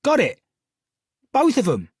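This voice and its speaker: A man's voice: high-pitched, huge pitch swings, normal speed, breathy edge, dry recording, studio quality, voice pushed up, heavily acted. A man voicing a brash, streetwise young woman. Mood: excited. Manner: brash and cheeky. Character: bold, streetwise young woman, quick and cheeky.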